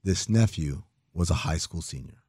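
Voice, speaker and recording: A man in his thirties telling a long story in a casual, animated way, acting out the people he quotes and swearing now and then. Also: low voice, moderate pace, slightly rough, no room sound, clean studio sound. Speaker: guest.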